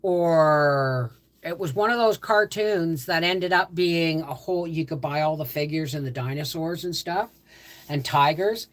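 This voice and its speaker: A woman's voice: low-pitched, unhurried. An older woman, hosting a livestream and chatting in a rambling, easygoing way as she answers viewer comments. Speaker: livestream host. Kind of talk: casual livestream chat.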